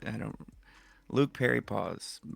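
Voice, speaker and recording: Gravelly teasing man on a podcast. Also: lowish voice, slow, no echo, studio quality, faint music behind. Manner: teasing, deadpan mock-serious. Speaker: podcast co-host. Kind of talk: casual chat.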